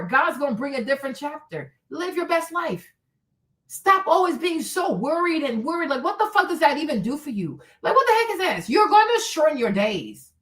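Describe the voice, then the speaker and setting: A woman's voice: sits high, fairly bright tone. A woman hosting a stream, ranting bluntly and profanely, mocking whiners and urging faith. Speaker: host. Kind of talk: uncensored motivational rant. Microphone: streaming mic.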